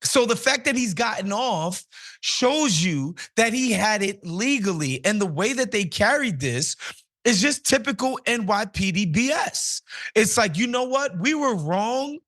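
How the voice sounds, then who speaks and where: Man, high voice, blunt indignant news commentary, opinionated. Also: big pitch swings, measured pace, a bit bright.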